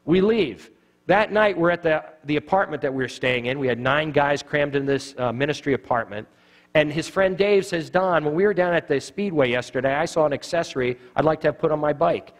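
A man's voice: on the high side, a little fast. A middle-aged man teaching evangelism at a church, telling stories and acting out the dialogue. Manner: animated storyteller acting out dialogue. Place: church sanctuary.

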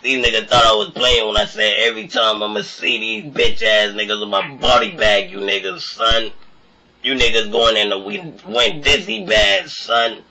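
A man trash-talking on camera in a bowling alley, hurling mocking insults in aggressive, rapid-fire banter. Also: fairly low pitch, expressive, gravelly. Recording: distant mic, loud crowd around.

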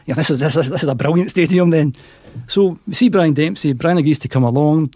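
A man's voice: fairly high pitch, quick pace, dark tone, dry recording, studio quality. A middle-aged Scottish man, a podcast guest, telling stories and acting out the dialogue in them. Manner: acts out quoted dialogue in his stories. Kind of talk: anecdotal storytelling.

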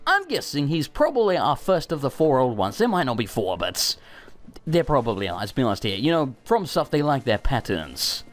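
A man giving excited gaming commentary, swearing and bursting out in panic as he plays. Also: mid-range voice, moderate pace. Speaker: let's play host.

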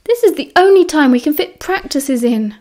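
A woman's voice: high voice, lively intonation, darkish tone, voice pushed up. A woman with a British accent voicing a cheerful, bossy teenage schoolboy who chivvies his friends along. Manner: brisk, chivvying.

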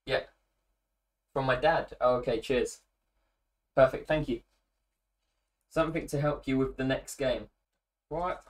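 A man's voice: mid-range voice, unhurried, pauses often. A man joking and grumbling his way through casual football game commentary. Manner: sarcastic and jokey, with bursts of frustration. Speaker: gaming commentator.

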